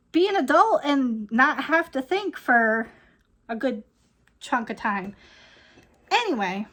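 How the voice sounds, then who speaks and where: A woman's voice: on the high side, a bit bright. A woman in her thirties ranting casually to camera, rambling and laughing often as she talks. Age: 30s. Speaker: vlogger.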